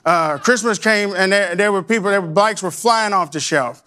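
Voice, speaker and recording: High-voiced man telling a story. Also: normal speed, bright, forceful tone. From Arkansas, USA. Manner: rambling, many restarts and repeats. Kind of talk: personal anecdote.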